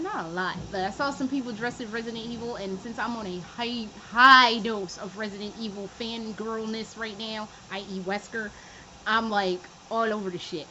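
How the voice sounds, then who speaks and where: A woman's voice: fairly high pitch, bright, forceful tone, lo-fi sound, slight background noise. A young woman chatting casually in a home vlog, profane and often laughing. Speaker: vlogger. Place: room at home.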